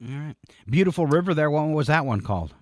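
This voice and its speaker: A man hosting a radio morning show, asking a guest relaxed questions with short prompts. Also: fairly high pitch, fast talker, dry recording, clean studio sound. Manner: relaxed, brief prompts and easy laughs. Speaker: radio host. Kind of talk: casual radio interview. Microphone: studio microphone.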